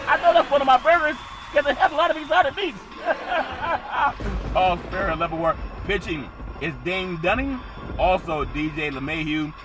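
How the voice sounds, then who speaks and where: A man hosting a comic sports podcast, doing mock play-by-play that builds to shouted home-run calls, laughing often. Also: fairly high pitch. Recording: loud outdoor traffic noise behind.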